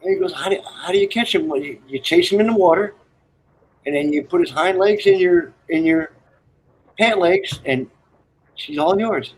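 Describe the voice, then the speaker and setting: A man's voice: high-pitched, moderate pace, slight background noise, poor audio. A man telling rambling, crude military stories and jokes in casual chat, laughing at his own lines. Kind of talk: casual storytelling on a live stream.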